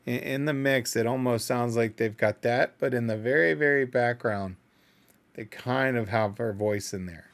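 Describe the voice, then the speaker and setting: Male reaction host, mid-pitched voice, analytical, second-guesses himself out loud. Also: normal speed, vocal fry. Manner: thinking aloud, analytical and self-doubting. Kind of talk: casual reaction commentary.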